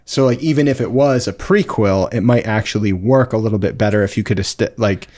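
A man's voice: fairly low pitch, a little fast, a little mellow. A young man in casual podcast chat, rambling with many "like"s and casual swearing.

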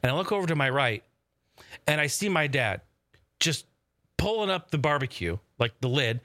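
A man's voice: fairly high pitch, sing-song, moderate pace, pushed and bright, no echo, studio quality. A man casually telling a funny family story, swearing a lot and acting out the voices of the people in it. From family from Oregon. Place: home in the desert.

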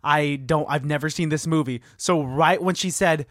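A man co-hosting a casual podcast, excitedly retelling movie scenes and his own trips. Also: on the high side, moderate pace, dry recording, clean studio sound. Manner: excitable, animated retelling with laughs. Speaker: podcast co-host. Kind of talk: casual chat about a movie.

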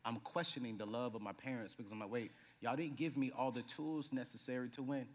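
A man in his late thirties, a guest preacher telling humorous stories in a sermon, moving between loud bursts and hushed moments. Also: mid-range voice, fairly even intonation, brisk. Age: 30s. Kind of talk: sermon with storytelling. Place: church sanctuary. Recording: reverberant church hall.

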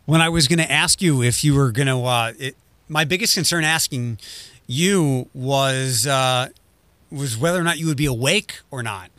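A man's voice: medium pitch, moderate pace, pushed and bright, no room sound. A man, a radio host, chatting casually and restarting his sentences with fillers. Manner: chatty, self-interrupting with fillers. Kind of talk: casual chat.

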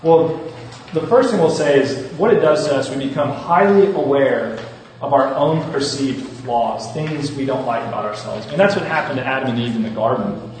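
A man's voice: medium pitch, normal speed, a little mellow, distant mic, a little hiss or hum. Man preaching in an echoey hall. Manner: conversational, earnest, with frequent restarts and asides. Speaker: campus minister. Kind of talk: conference talk to students. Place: large hall.

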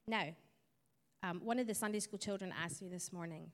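A woman's voice: medium pitch, normal speed. A woman from Scotland with a Scottish accent, a missionary giving a friendly presentation to a church congregation with light chuckles. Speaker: missionary speaker. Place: church sanctuary. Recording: long church hall reverb.

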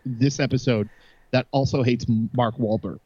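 A man guesting on a podcast, talking casually and haltingly with lots of fillers. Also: mid-range voice, fairly even intonation, dark tone, husky, no room sound. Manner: hesitant, halting with many fillers. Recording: dry, dull lo-fi mic.

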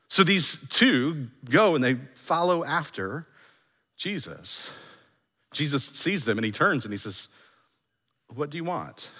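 A male pastor preaching a sermon, animated, acting out the lines he quotes. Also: medium pitch, long reverb tail.

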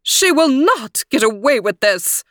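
A woman voicing a vain, furious evil queen who speaks in a shrill, demanding way. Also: expressive, unhurried, fairly bright tone, smooth, no room sound, clean studio sound.

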